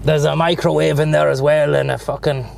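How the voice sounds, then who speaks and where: A man's voice: fairly high pitch, flat delivery, fairly quick, vocal fry, darkish tone, a little hiss or hum. An Irish man chatting casually and profanely while he livestreams from his car, rambling between thoughts. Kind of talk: casual chat while driving.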